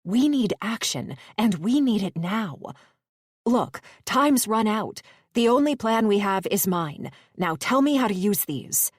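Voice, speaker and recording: A woman's voice: mid-range voice, lively intonation, measured pace, breathy edge, dry recording, studio quality. A woman voicing a desperate defiant mother. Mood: determined. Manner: urgent, commanding.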